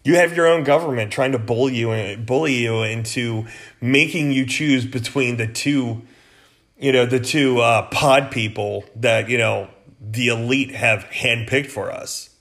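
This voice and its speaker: A man's voice: medium pitch, unhurried, fairly bright tone. A man hosting a political podcast, delivering an angry, profane rant in a blunt, heated way. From United States.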